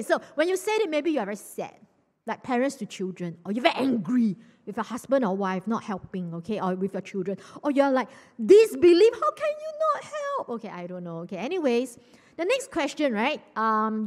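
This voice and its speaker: A woman pastor giving a chatty, lively sermon and asking the congregation questions. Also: fairly high pitch. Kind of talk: lively sermon with audience interaction. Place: church hall. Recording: church hall reverb.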